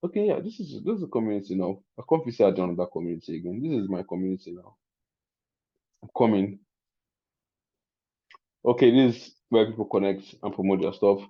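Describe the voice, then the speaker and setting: A man with a Nigerian accent hosting a live webinar, chatty and excitable, often laughing as he teaches. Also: lowish voice, a little fast, long pauses, highs cut off. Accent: Nigerian English. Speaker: webinar host.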